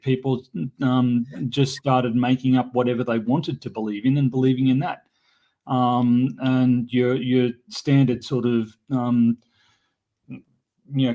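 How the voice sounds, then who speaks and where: A man talking as a livestream guest in a measured way, pausing often with ums. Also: mid-range voice, dark tone. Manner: slow and measured, many ums. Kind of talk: casual discussion.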